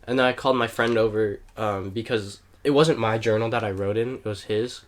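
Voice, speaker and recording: A man's voice: on the low side, steady tone, fairly quick, few pauses. A young man telling a personal story on a casual podcast, rambling with many fillers and curse words. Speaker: podcast co-host. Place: home, playing a video game while recording.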